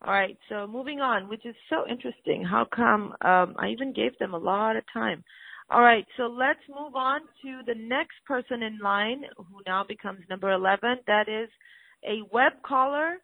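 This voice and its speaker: A woman hosts a live call-in show, greeting each caller warmly and calling them honey or sweetheart. Her voice sits a little high and sounds completely dry, and the audio comes through a thin, tinny phone-like line. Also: normal speed, creaky, dry recording.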